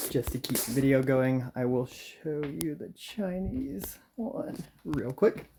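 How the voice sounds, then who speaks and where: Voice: mid-range voice, animated, takes it slowly, creaky, background noise. A tutorial host talking casually and wryly, reading out typed commands. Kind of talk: casual screen-recorded tutorial.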